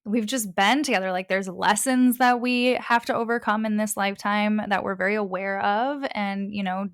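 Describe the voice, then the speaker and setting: A young woman chatting as an interview guest, animated and quick to laugh as she acts out the conversations she recounts. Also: mid-range voice, smooth, no echo, clean studio sound. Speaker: guest, spiritual reader. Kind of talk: casual interview chat.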